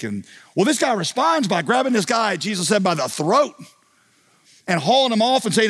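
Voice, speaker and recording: A man preaches a sermon, retelling a parable with lively storytelling and acting out each character. His voice sits a little high for a man. The sound carries a long reverb from a large church hall. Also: fast talker, vocal fry. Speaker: pastor.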